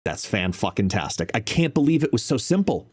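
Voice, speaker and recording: Excitable dude streaming a card game at home, kinda husky voice, bouncy pitch, faint music behind. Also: male voice, fairly quick. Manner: chatty, excitable, talks to his dog. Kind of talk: casual live-stream chat. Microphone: desk microphone with noise canceling.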